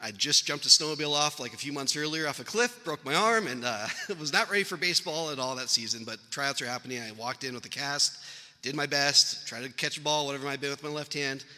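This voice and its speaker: Eulogy read: man, very bright tone, rambling and anecdotal, long hall reverb. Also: on the high side, fast talker. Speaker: family member giving a eulogy. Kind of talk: funeral eulogy storytelling. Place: funeral venue hall.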